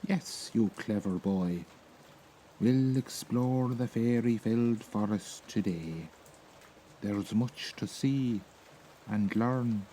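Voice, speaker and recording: An Irish man voicing a kindly old druid in a soft, lilting brogue in a storybook. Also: lowish voice, slow, a little hiss or hum. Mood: gentle. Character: kindly old male druid, gentle and eager.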